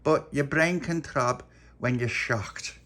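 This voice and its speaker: A man's voice: medium pitch, takes it slowly, sharp tone. A man voicing a bossy, know-it-all young girl who lectures matter-of-factly. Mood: lecturing.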